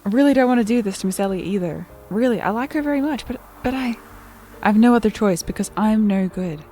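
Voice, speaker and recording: A woman's voice: medium pitch, expressive, fast talker, dark tone, faint music behind, pitched above the performer's own voice, natural voice. A woman reading an anxious young handyman. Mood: pleading. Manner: pleading, apologetic. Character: nervous young male handyman betraying friends. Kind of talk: reading game dialogue aloud.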